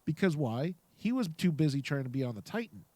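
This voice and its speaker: A man with a fairly high, lively voice co-hosts a casual podcast and is recorded dry and close. He talks with animation, laughs often and repeats his co-host's words. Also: brisk, no echo. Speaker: podcast co-host.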